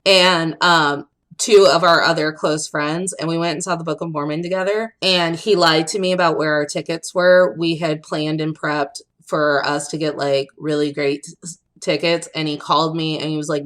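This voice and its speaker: A young adult woman co-hosting a podcast, telling an animated story in a casual chat, acting out quotes and laughing often. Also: low-pitched. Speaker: podcast co-host.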